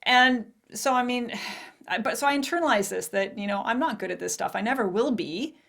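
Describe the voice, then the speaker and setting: A woman's voice: a little high, a little fast, vocal fry, a bit bright. A woman in her forties hosting a podcast, telling a personal story candidly, with laughs and acted-out quotes. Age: 40s. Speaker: podcast host. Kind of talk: personal monologue.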